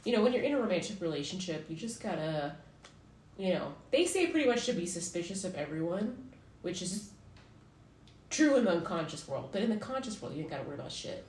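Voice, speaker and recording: A woman hosts a podcast in casual conversation, laughing often and cursing freely. Her fairly low, darkish voice swings widely in pitch and moves a little fast, and the recording carries a roomy echo with faint noise.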